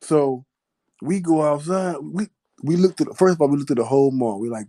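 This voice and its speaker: A man's voice: a little high, moderate pace, mellow. Laid-back man telling a story. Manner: laid-back, profane, laughing. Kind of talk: casual storytelling.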